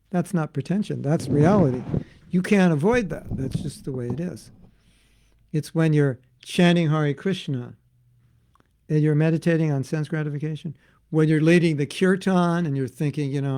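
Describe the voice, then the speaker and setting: A man giving a devotional class as a spiritual teacher, talking in an animated, conversational way and acting out voices. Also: on the high side, measured pace. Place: Alachua, Florida.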